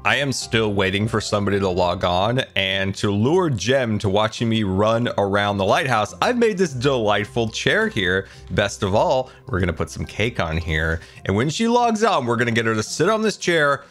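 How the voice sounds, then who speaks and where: A man's voice: on the low side, big pitch swings, moderate pace, few pauses, fairly bright tone, faint music behind. A man giving casual, playful commentary over his game footage, giggling often and reading things out with theatrical flair. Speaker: Minecraft let's-play host.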